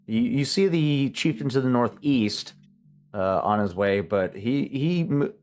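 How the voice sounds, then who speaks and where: A man running a tabletop role-playing game as game master, narrating scenes in a halting way with many restarts. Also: medium pitch, animated, darkish tone, smooth, soft background music.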